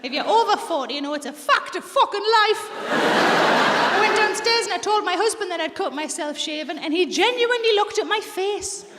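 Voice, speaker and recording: A woman in her forties with a North East English accent, telling bawdy stories deadpan in a stand-up set and acting out the voices of the people in them. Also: extremely high pitch, moderate pace, heavy background noise. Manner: bawdy deadpan storytelling, acts out quoted voices. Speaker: stand-up comedian. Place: large theatre with live audience. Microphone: stage microphone. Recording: reverberant hall, loud audience laughter.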